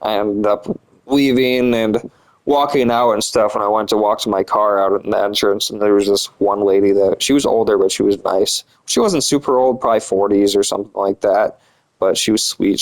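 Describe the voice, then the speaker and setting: A man's voice: fairly low pitch, fairly even intonation, brisk, low-quality recording. A young man telling a story casually, rambling and swearing a lot, with many filler words. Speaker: vlogger.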